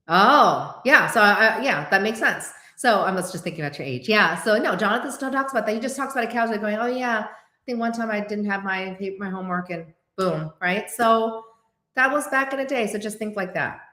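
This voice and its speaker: A woman hosting a casual chat, answering viewer questions with quick asides and acted-out quotes. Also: mid-range voice, a bit bright, reverberant.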